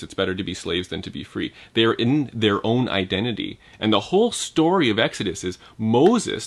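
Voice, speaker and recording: A man with a medium-pitched voice gives an informal Bible teaching. He thinks aloud, restarting his sentences and checking with his listeners by asking "right?".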